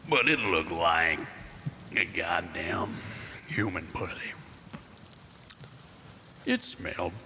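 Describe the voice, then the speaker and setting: A man's voice: deep voice, lively intonation, slow, creaky, pauses often, pushed and bright, slight background noise, full character voice. A man playing crude old drunk sea captain. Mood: crude boasting. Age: older. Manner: crude, rambling sea tales.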